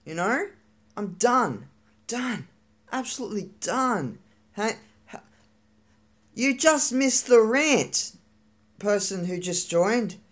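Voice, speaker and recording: A vlogger venting in a live-streamed rant, frustrated and swearing, with lots of halting fillers and restarts. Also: medium pitch, expressive, a bit bright.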